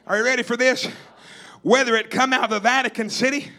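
A man from East Tennessee, preaching a fervent sermon in a church with shouted, repetitive lines. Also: very high voice, steady tone, fairly quick.

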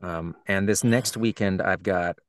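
A man's voice: low voice, measured pace, dry recording, studio quality. A man who is an audiobook narrator and author, talking as a guest in a podcast interview and explaining things in a thoughtful, reflective way.

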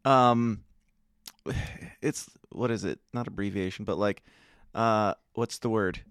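A man's voice: on the low side, steady tone, slow pace, a bit bright, smooth, no echo, clean studio sound. A man co-hosting a news comedy podcast in casual chat, wry and easygoing, laughing a lot.

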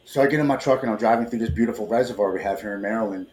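A man in his forties recounts a personal story earnestly, with feeling, often stumbling over repeated words as he begins. His voice sits fairly low, and the room around him rings with echo over a faint hum. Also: rapid-fire, darkish tone. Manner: earnest, emotional, repeats words when starting sentences. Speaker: podcast guest. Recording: roomy echo.

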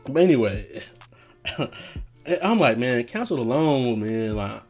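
A young man talks loosely to his listeners in a relaxed, profane ramble, breaking into laughter now and then. His voice sits at an ordinary pitch for a man, with faint music playing under the talk. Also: slow pace. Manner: laid-back, profane, laughs often. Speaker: podcast host. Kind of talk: casual solo chat.

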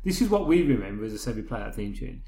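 A middle-aged man talks quickly in a loose, rambling way, acting out bits of dialogue as he retells a story. His voice sits at an ordinary pitch. The sound is roomy and echoey. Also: very animated, mellow. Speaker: podcast co-host. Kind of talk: casual chat.

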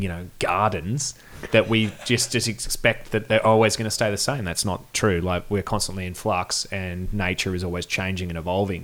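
A man's voice: deep voice, a bit bright. A man chatting candidly and reflectively as a podcast guest. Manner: laid-back, candid and reflective. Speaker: podcast guest, band member. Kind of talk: casual podcast chat.

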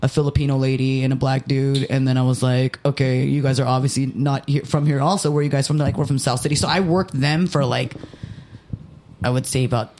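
A man telling a profane, rapid-fire story on a casual podcast, acting out the quotes. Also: medium pitch, level tone, darkish tone, a little hiss or hum. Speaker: podcast co-host and comedy show runner.

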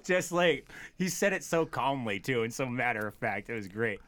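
A man's voice: medium pitch, lively intonation, moderate pace. A man co-hosting a casual podcast, telling stories with restarts and laughter. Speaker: podcast co-host. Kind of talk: casual chat.

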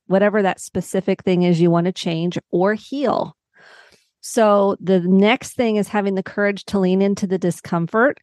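A woman's voice: medium pitch, darkish tone, no echo, clean studio sound. A woman psychotherapist on a podcast, earnestly walking through examples step by step. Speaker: psychotherapist guest. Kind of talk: podcast interview.

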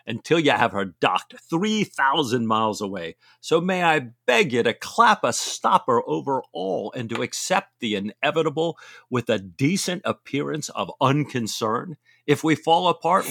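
A man's voice: fairly low pitch, very animated, normal speed, few pauses, no room sound, clean studio sound. A man voicing an exasperated, long-winded naval ship's doctor with lofty, scolding speech. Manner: lofty, rising to shouted scolding.

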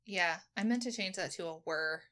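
A woman's voice: on the low side, moderate pace, bright, forceful tone. A woman co-hosting a podcast in casual chat, with dry, teasing remarks. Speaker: podcast co-host.

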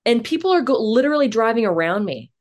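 Animated young woman telling a story. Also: on the high side, fast. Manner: animated, self-mocking, swears casually. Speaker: podcast guest, comedic actress. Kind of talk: casual interview storytelling.

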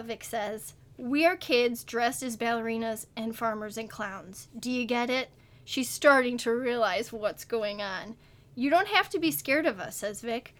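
A woman's voice: high voice, fairly bright tone. A woman reading a comic story aloud to friends, giving the characters small voices and laughing often. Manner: reads with small put-on quotes, laughs often. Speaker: podcast co-host reading a story.

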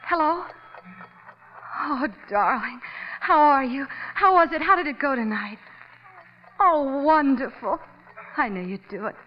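Lovestruck young showgirl wife, a bit high voiced, muffled old radio sound. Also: lively intonation, measured pace, pauses often. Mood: tender. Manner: anxious, pleading then tender. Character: devoted young wife of a burlesque comic. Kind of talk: 1950s radio drama acting. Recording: dull old radio broadcast.

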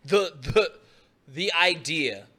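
A man's voice: on the high side, expressive, takes it slowly, bright, forceful tone. A man co-hosting a sports talk show in a studio, emphatic and incredulous, repeating himself as he pushes back.

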